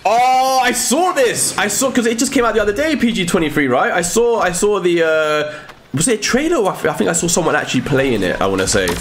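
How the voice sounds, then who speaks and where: A man giving excitable live commentary while streaming a game, often shouting and exclaiming. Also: high-pitched, fast talker, a little hiss or hum. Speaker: gaming streamer.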